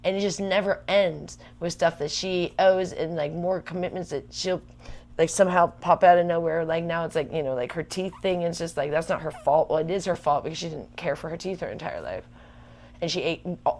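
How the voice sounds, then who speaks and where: A woman venting fast and emphatically in a casual livestream chat. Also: lowish voice, darkish tone. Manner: ranting, worked up, fast and emphatic. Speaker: livestream vlogger.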